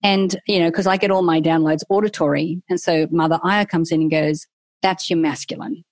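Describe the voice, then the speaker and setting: A middle-aged woman tells a personal story in a casual, candid way. Her voice sits a little low for a woman, and she lively acts out her own thoughts. The sound is dry and close, with no room echo. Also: a little fast. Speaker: guest.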